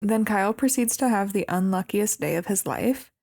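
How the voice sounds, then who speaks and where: Gravelly woman giving wry movie recaps. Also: medium pitch, moderate pace, darkish tone. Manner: amused, wry commentary on plot. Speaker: podcast co-host. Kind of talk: casual movie recap chat.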